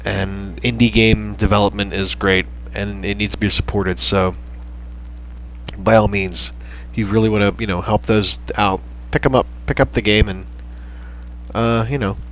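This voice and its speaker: A man hosting a gaming channel, chatting in a rambling, halting way with lots of fillers as he wraps up a playthrough. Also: lowish voice, steady tone, a little hiss or hum, poor audio. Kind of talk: casual gameplay commentary. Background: soft background music.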